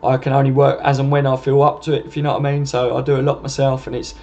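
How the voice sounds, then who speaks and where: A man's voice: mid-range voice, monotone, fast talker, a little mellow. A man with a southern English accent hosting a casual live stream, rambling in a matey way as he answers viewers' comments. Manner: rambling and matey, keeps adding "and that" and "mate". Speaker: live-stream channel host.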